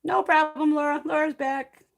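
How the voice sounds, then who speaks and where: A woman's voice: sits high, steady tone, moderate pace, vocal fry. A middle-aged woman hosting a makeup live stream, telling blunt, heavily profane stories and laughing through them in casual chat.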